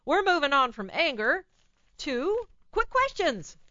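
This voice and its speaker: Woman, radio psychologist host, blunt advice, lively swinging pitch, dry close sound. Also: a little slow, dry recording, lo-fi sound. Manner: blunt, animated, laughs at her own remarks.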